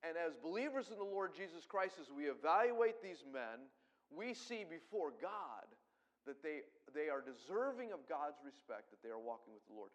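A man's voice: fairly high pitch, sing-song. Fervent male pastor preaching. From Colorado. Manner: fast-paced preaching with sudden loud emphatic swells. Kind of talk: sermon.

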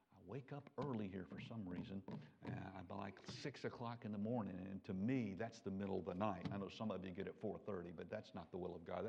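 A man preaching a sermon, animated, swinging from loud emphatic peaks to quiet low asides. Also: gravelly, a little hiss or hum. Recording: dull lo-fi recording.

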